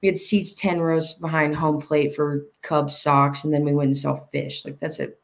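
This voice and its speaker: Gravelly rambling man telling stories. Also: a little high, little pitch movement, moderate pace, a bit bright. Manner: rambling storyteller, laughs often. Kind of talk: casual chat.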